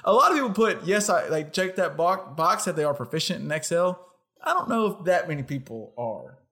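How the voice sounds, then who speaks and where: A man's voice: a little high, big pitch swings, brisk, bright, forceful tone. A young man co-hosting a podcast in casual chat, talking in a loose, self-correcting way and laughing often. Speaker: podcast co-host.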